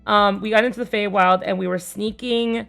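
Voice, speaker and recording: Gravelly-voiced woman streamer telling a story. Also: medium pitch, a little fast, faint music behind. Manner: rambling, loose, with lots of fillers and casual swearing; gets louder and more animated as the story builds. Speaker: streamer recounting a tabletop game. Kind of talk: casual storytelling on a livestream.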